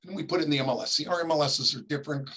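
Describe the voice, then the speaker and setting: A middle-aged man from California teaching a class, talking casually and acting out quick examples, often coughing and clearing his throat. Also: fairly high pitch, a bit bright, low-quality recording. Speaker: real estate ethics instructor. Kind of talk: classroom lecture.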